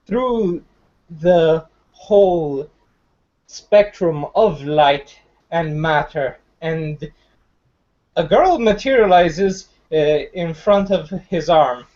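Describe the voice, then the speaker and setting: A man describes what his character does in a tabletop game, pausing often and searching for words. His voice sits a little high and comes through muffled, like an online call. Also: a little mellow. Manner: slow, searching, with many fillers. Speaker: player.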